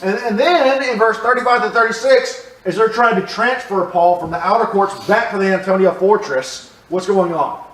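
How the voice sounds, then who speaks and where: A man's voice: sits high, normal speed, hardly any pauses, fairly bright tone. A man teaching a church Bible study class, talking conversationally and quizzing his listeners as he explains the passage. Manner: conversational, asks the class questions. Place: church room. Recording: roomy, from a distance.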